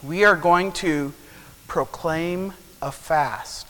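A man voicing a scheming wicked queen in a high, shouting voice that mocks her, heard in a sermon. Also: drawn-out words, in a large hall, rough recording.

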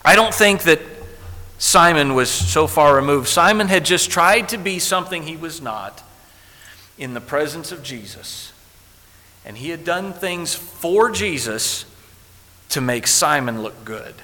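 A man preaches a sermon in a church sanctuary, his fairly high, bright voice ringing off a long reverb. He moves from hushed scripture reading to loud exhortation. A faint hiss sits under the recording. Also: lively intonation, a little slow. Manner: preaching with King James quotes, swinging from hushed to loud. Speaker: pastor. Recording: echoey hall with faint hiss.

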